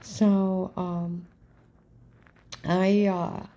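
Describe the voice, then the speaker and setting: A woman's voice: fairly low pitch, little pitch movement, extremely slow, mellow, slight background noise. A woman telling a personal story in a rambling, emphatic way, often dropping to a whisper. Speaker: storyteller recounting events.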